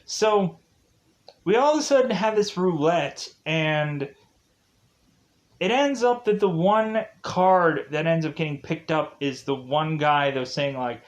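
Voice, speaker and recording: A man's voice: on the high side, measured pace. A man casually retelling comedy sketches in a rambling spoken review, full of fillers and bursts of laughter. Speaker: show reviewer.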